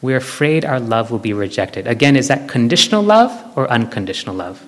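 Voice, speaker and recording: Animated man speaking in a reverberant hall. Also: mid-range voice, fairly quick. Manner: animated, leads group chants. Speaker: spiritual speaker. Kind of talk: devotional talk to an audience.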